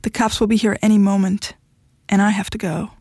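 A woman doing a firm, cool young wife in a spoken story, blunt, middle pitch, dry close sound. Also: flat delivery, fairly quick, darkish tone, no echo, close to an everyday voice. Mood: flat. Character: blunt, guarded young woman, impatient with her husband.

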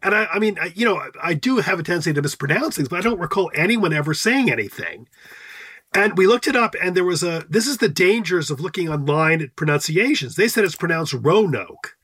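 A man's voice: high voice, expressive, brisk, fairly bright tone, husky, no echo. A man co-hosting a casual chat, telling stories in a rambling, self-correcting way. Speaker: podcast co-host.

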